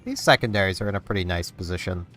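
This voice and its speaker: A man's voice: deep voice, expressive, fast talker, fairly bright tone, soft background music. A man with a Canadian accent giving casual, sarcastic commentary while streaming a game. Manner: wry, sarcastic asides.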